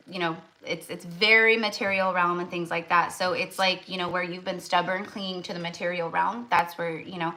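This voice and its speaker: A woman's voice: lowish voice, pushed and bright, poor audio. A woman doing a casual tarot reading for her viewers, rambling with lots of "like" and restarts. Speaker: tarot reader.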